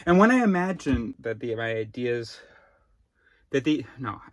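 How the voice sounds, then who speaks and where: A man's voice: medium pitch, sing-song, measured pace, no room sound. A man thinking aloud in a rambling personal vlog, often restarting his sentences and wandering into asides. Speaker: vlogger.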